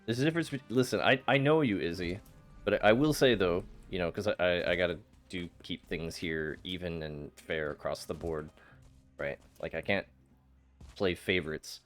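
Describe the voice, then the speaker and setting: Playful low-voiced male streamer. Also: moderate pace, faint music behind. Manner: playful, teasing, laughs often, stammers. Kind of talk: casual live-stream chat while gaming.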